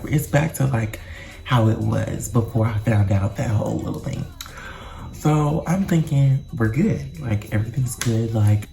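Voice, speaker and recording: A young man vlogging a casual storytime, animated and dramatic, full of slang and swearing. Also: mid-range voice, vocal fry.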